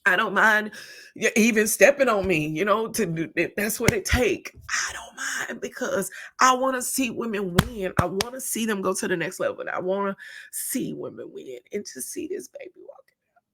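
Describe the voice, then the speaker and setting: A woman's voice: mid-range voice, expressive, moderate pace, background noise. A middle-aged woman pastor hosting an unscripted podcast, talking with emotion, close to tears, and dropping into whispers at times. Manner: emotional, preacherly, breaks into whispers. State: tearful. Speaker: pastor and mentor, podcast host.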